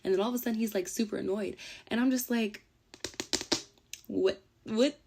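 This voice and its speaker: A woman's voice: fairly high pitch, steady tone, fast, gravelly, background noise. A woman casually telling a dating story to camera in a playful, dramatic way.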